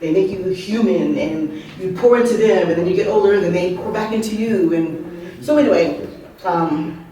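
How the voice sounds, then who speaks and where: A woman's voice: fairly low pitch, moderate pace, warm tone, slight background noise. Woman telling stories in an echoing room. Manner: chatty, with asides and rhetorical questions to the audience. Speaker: open mic speaker and author. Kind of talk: humorous personal storytelling. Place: art venue open mic. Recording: very echoey room, voice heard from a distance.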